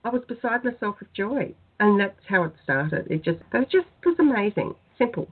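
A woman guest in a spiritual radio interview, telling her personal story in an earnest, soft-spoken way. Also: medium pitch, big pitch swings, normal speed, breathy edge. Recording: tinny phone-line sound.

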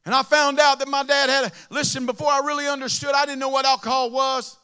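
A man preaching a sermon with speech, swinging between impassioned shouting and quiet, intimate asides. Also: very high voice, level tone, fast. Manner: impassioned, shouting at peaks, then dropping to a murmur.

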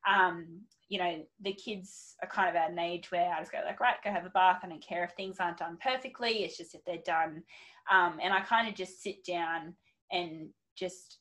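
Woman, thirties, low-ish voice, chatty, casual podcast talk. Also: steady tone, normal speed, a bit bright, low-quality recording. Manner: chatty, uses "like" and "literally" a lot. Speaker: professional declutterer.

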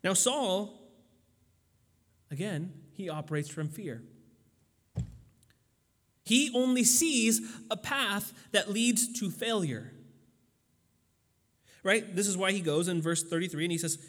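A man's voice: sits high, lively intonation, takes it slowly, pauses often, a bit bright, in a large hall. A man preaching a sermon in a loose, conversational way, with plenty of fillers and restarts. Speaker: pastor.

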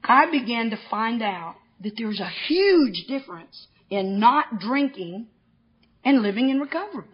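A woman's voice: a little high, a little slow, slightly rough, dull audio. Laughing woman telling her story. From Texas, USA. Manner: lively storyteller, laughs at herself often. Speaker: recovery speaker. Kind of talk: humorous personal testimony to an audience. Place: convention hall gathering.

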